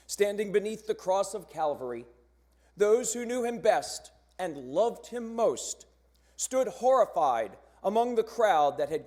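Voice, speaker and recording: A man with a fairly high voice reads scripted narration for a church cantata. He speaks slowly and solemnly, with a lively, rising-and-falling delivery and rhetorical questions. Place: church sanctuary during a choir performance.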